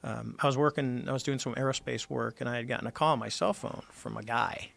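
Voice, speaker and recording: Gravelly middle-aged man telling a story. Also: mid-range voice, quick pace. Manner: animated storyteller acting out quoted dialogue. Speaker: podcast guest, former Navy squadron commander. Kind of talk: casual storytelling interview.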